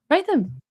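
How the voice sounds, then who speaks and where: Chatty Englishwoman with a mellow voice. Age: 40s. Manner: chatty, laughs often, addresses viewers by name. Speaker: livestream co-host. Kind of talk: casual livestream chat with viewers.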